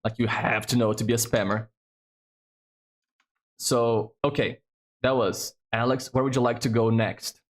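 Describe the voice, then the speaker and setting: A man's voice: mid-range voice, flat delivery, a little slow, long pauses. A man hosting a trivia game on a live stream, chatty and casual, swearing freely as he thinks aloud.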